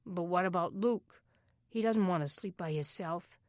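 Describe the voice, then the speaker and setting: A woman voicing a protective, wary young boy who speaks softly, almost in a whisper. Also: lowish voice, normal speed, no room sound, clean studio sound, lightly acted. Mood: quiet. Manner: hushed, soft-spoken.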